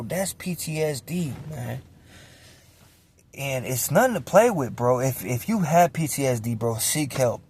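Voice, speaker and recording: A man's voice: mid-range voice, darkish tone, husky. A man telling his own story in a raw, confessional way, cursing heavily and repeating himself as he rambles. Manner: emotional, heavy cursing, rambling and repetitive.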